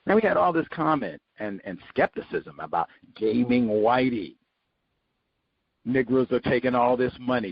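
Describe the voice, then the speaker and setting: A man hosting a book study show, giving sarcastic, animated commentary as he reads. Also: medium pitch, husky, no echo, lo-fi sound. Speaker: host.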